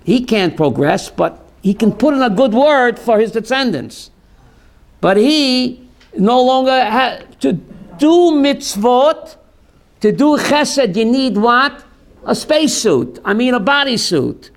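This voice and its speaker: A man's voice: extremely high pitch, slow pace. A rabbi teaching a class, quizzing listeners with call-and-response questions and acting out the voices he quotes. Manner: animated, drops into quoted voices. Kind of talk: teaching a class on Jewish theology.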